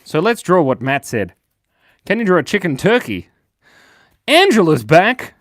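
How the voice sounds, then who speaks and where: A man's voice: on the high side, very animated, moderate pace, no room sound. A young man with an Australian accent chats casually on a livestream while he draws cartoons. His voice swings up and down a lot as he jokes with viewers and reads their messages aloud. The recording is dry and close. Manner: chatty, jokey, reads chat aloud, laughs often.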